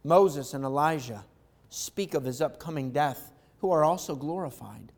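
High-voiced pastor preaching, gets quiet then loud, real animated. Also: male voice, moderate pace. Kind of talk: sermon.

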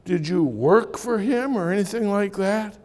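A man acting out a puzzled grieving son who quickly questions a stranger during a sermon story. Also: sits high, lively intonation, darkish tone, long reverb tail.

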